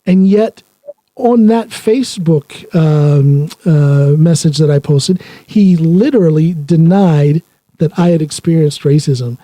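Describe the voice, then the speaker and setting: Middle-aged guy hosting a podcast, earnest, halting a lot, mellow tone, dry close mic. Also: fairly high pitch, no room sound. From rural Ohio, United States. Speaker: podcast host. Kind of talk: casual conversation.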